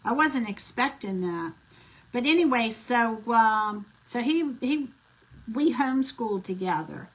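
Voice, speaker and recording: This craft vlogger is a middle-aged woman whose voice sits a little high. She sounds animated yet keeps a measured pace, telling meandering stories while she crafts, often restarting and using fillers. The recording is rough.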